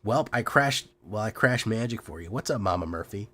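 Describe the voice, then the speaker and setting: A man streaming and commenting casually on his gameplay, hoarse from being sick, relaxed and joking, with asides he mumbles under his breath. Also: lowish voice, normal speed. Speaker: game streamer.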